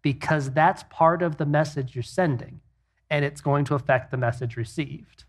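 A man's voice: on the high side, normal speed. A middle-aged man co-hosting a faith-based marriage talk, earnest and plainspoken, telling stories to make his point. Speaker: co-host.

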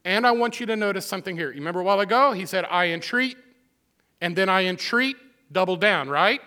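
Male pastor, high bright voice, emphatic sermon with repeated lines and folksy asides. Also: lively intonation, quick pace. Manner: emphatic, repeats phrases for stress; conversational asides to the congregation.

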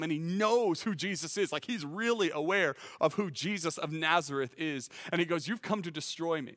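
A man preaching a sermon as teaching pastor, earnest and emphatic, often repeating words as he starts a phrase and rising to loud peaks. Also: a little high, big-room sound.

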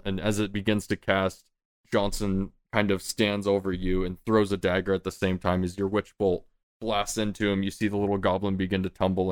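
A man running a tabletop game, his voice low and resonant. He narrates loosely and casually, full of "like" and "uh." He is recorded close and dry on a podcast mic. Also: smooth, no echo. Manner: casual, rambling, many fillers. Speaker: game master.

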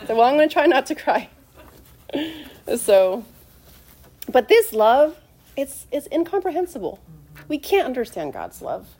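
A woman's voice: high voice, sing-song, measured pace, pauses often, darkish tone. A middle-aged woman preaching a sermon in a heartfelt, conversational way, calling the congregation to answer amen. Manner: emotional, conversational, asks the congregation for amens.

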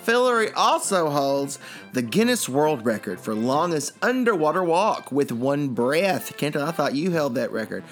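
A man co-hosting a comedy show, reading odd news with playful, drawn-out jokes. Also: fairly high pitch, sing-song, soft background music. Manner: playful, drawn-out jokey delivery. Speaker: comedy podcast co-host.

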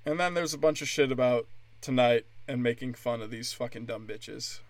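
A man's voice: mid-range voice, fairly even intonation, normal speed, no room sound. A man, a comedian hosting his own podcast, delivering an angry, profane, sarcastic rant as a monologue.

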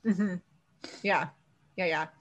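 A woman's voice: fairly low pitch, slow, lo-fi sound. A woman co-hosting a podcast, casually recapping a TV episode and acting out the characters' lines with swearing and laughter. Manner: animated, acts out characters' lines, swears freely. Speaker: podcast co-host.

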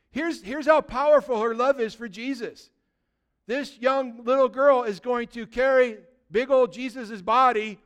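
Here a man gives a sermon in the role of pastor, chatty and animated, full of rhetorical questions, alternating loud emphasis with soft, hushed moments. The pitch is very high and the tone clean.

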